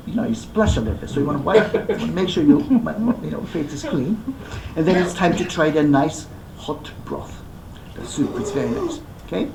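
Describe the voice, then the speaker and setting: A playful rakugo performer coaxes the audience through each step of the performance. The voice rises and falls with great liveliness and has a gravelly edge. An echoey hall carries it, with faint noise behind. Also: medium pitch. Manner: playful, coaxing, gives step-by-step instructions. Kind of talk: live demonstration to an audience.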